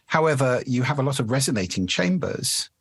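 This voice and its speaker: A man's voice: medium pitch, sing-song, a little fast, slightly rough, dry recording. A male speaking coach being interviewed on a podcast, explaining things in a demonstrative way and shifting his resonance to show how it changes the voice.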